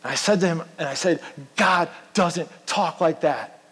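A man's voice: fairly high pitch, moderate pace, fairly bright tone, husky, big-room sound, rough recording. A man preaching a sermon as pastor, in a conversational, storytelling manner.

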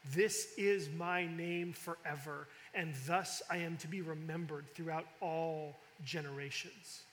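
A man with a high, bright voice teaches scripture in a lively, conversational way, pressing hard on his points and often restarting mid-thought. His words ring out with a long reverb, as in a large hall. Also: unhurried, slight background noise. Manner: animated, emphatic, with frequent fillers and restarts. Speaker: preacher.

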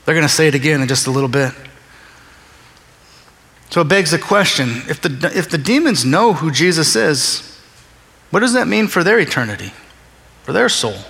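A man's voice: a little high, creaky, a bit bright. A man preaching a sermon as a pastor, conversational and acting out bits of dialogue. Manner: conversational, acts out dialogue with voices. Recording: long reverb of a large hall.

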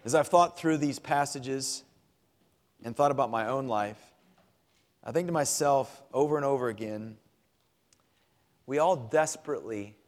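A pastor preaching a sermon in a conversational way, repeating words for emphasis. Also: male voice, mid-range voice, in a large hall.

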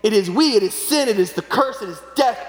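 A man's voice: lively intonation, a little fast. A man in his forties preaching a conversational sermon, often checking in with "right?" and acting out quoted voices. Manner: conversational, keeps asking "right?"; acts out quoted voices with sudden pitch jumps. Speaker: pastor. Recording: echoey hall with long reverb.

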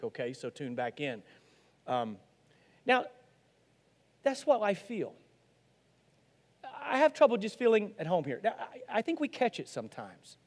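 A man's voice: a little high, long reverb tail. A man from Arkansas, preaching an earnest, conversational sermon with many restarts. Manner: earnest and conversational, with many restarts and rising emphasis on key lines. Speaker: pastor.

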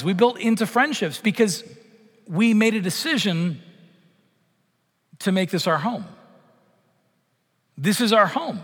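A man's voice: high voice, fairly bright tone, husky, in a large hall. A middle-aged man from Canada preaching a conversational sermon to his congregation, with many fillers and restarts. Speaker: pastor. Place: church sanctuary.

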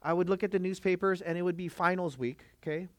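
Male preacher of Filipino background, emphatic sermon delivery, slightly high voice, dry close sound. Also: fairly even intonation, fast talker, no echo. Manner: emphatic, rhetorical questions to the congregation. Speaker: pastor.

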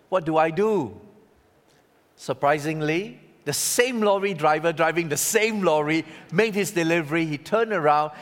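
Storytelling man preaching in a reverberant hall. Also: a little high. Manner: storytelling, dramatic shifts between loud and hushed. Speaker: pastor. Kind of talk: sermon.

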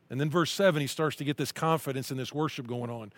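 A man's voice: a little high, a little fast, dry recording. A middle-aged male pastor preaching a sermon, reading scripture aloud with earnest emphasis.

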